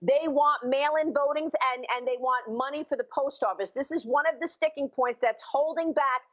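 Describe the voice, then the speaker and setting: High-voiced woman TV anchor. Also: moderate pace, a bit bright. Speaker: TV news anchor. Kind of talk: broadcast interview. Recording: dull broadcast clip audio.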